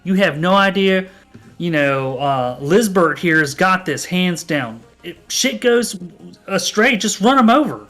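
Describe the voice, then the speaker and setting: A man voicing a pushy, smooth-talking male android who brushes off every worry in a tabletop game. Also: high-pitched, expressive, pushed and bright, soft background music, exaggerated voice. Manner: pushy, dismissive, fast-talking.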